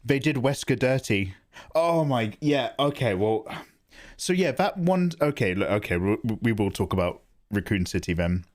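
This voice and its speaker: A man chats loosely with his livestream audience, rambling from one thought to the next. His pitch moves lively up and down, and he often breaks into laughter. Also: moderate pace. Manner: animated, rambling, laughs into his own impressions. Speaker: livestream art streamer. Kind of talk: casual livestream chat.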